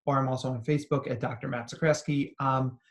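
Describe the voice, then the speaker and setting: A psychologist presenting a recorded talk to educators, telling stories in an earnest, conversational way and often adding "right?". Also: male voice, medium pitch, fairly even intonation, fast talker. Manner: earnest and encouraging. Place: remote talk, not in person.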